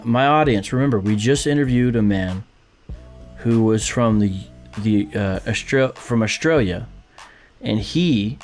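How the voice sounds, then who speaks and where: A man's voice: mid-range voice, a little mellow. A man hosting a live online show, reading viewers' chat messages aloud with fillers and laughs. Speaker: livestream show host.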